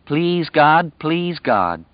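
A man's voice: on the high side, very animated, drawn-out words, dry recording, voice pushed up, exaggerated voice. Man doing a raised, earnest childlike grown man, insistent and repetitive, dull dry audiobook sound. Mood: pleading. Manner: urgent, insistent, repeating himself.

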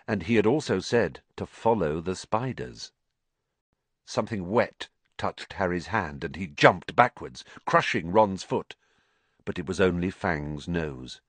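Male audiobook narrator, lowish voice, very animated reading, dry close studio sound. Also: no echo. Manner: expressive, dramatic storytelling. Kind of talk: scripted storybook narration.

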